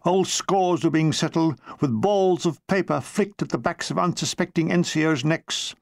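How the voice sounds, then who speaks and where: Gravelly high-voiced man reading his memoir. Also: moderate pace, no echo. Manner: dry comic storytelling, slipping into brief character voices. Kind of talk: audiobook narration.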